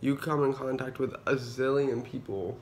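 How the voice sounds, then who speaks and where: A young man with a gravelly, fry-heavy voice vents on a casual phone vlog from a hospital room, dramatic and full of "like"s and swearing. His pitch sits mid-range, and a faint hum of the room sits behind him. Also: fairly even intonation, moderate pace. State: unwell patient awaiting kidney surgery. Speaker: vlogger.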